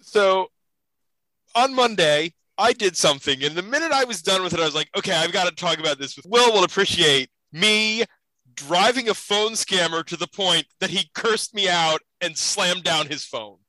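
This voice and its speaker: A man hosting a podcast in casual chat, telling stories with animated energy on a close mic. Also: sits high, moderate pace, no echo, rough recording. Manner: animated, lively storytelling. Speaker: podcast host.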